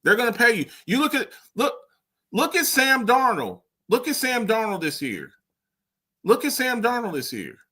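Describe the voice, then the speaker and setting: A man's voice: very high voice, moderate pace. A man on a late-night sports talk show, arguing emphatically and repeating his points. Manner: animated, emphatic, repeats himself. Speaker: show regular.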